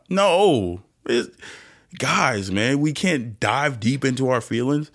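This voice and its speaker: Gravelly young man ranting on his podcast. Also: mid-range voice, normal speed. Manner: animated, self-interrupting, jumps between loud bursts and quiet asides. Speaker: podcast host. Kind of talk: solo podcast rant. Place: indoors, lying down recording at home.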